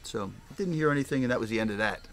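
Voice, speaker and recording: An older man spins a long, rambling story in his own plain words. He sits for a casual interview and slips into the voices of the people he quotes, his pitch sitting in the middle range for a man. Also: racing. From Philadelphia area, US. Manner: animated, rambling, acts out voices. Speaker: record store owner.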